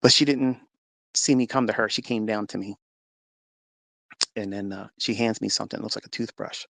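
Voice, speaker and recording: A man's voice: lowish voice, fairly even intonation, normal speed, vocal fry, a bit bright, no room sound. A man earnestly telling a personal story in a live audio room, acting out what people said with rising intensity. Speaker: host.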